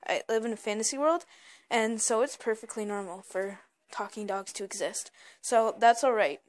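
A woman's voice: on the high side, normal speed. A young woman rambling hyperly in a casual vlog, stammering and repeating herself. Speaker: vlogger.

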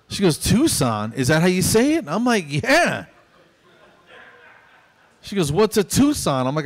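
A man's voice: high voice, huge pitch swings, a little slow, pauses often. A man in his fifties doing a stand-up comedy routine on a small club stage, telling stories and acting out both sides of each exchange.

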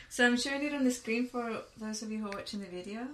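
A woman's voice: a little high, fairly bright tone, slight background noise. A woman hosting a podcast, chatting casually and laughing easily through playful banter. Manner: giggly, easygoing banter. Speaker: podcast host. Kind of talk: casual chat.

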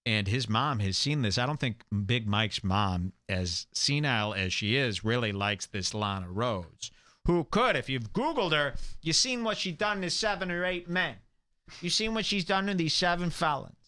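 A man's voice: medium pitch, lively intonation, normal speed, pushed and bright, no room sound, clean studio sound. Crude, mocking male talk show host. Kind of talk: comedic talk show rant.

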